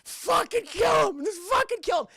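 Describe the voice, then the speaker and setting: A man's voice: extremely high pitch, expressive, moderate pace, gravelly, bright, forceful tone, no echo, clean studio sound, voice pushed up, heavily acted. A man doing a shrieking enraged cabbage seller. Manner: screaming, enraged.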